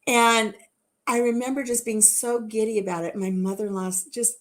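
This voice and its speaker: A woman in her fifties hosting a live chat and telling stories in a warm, chatty way, laughing at herself. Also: on the high side, steady tone, moderate pace. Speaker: host.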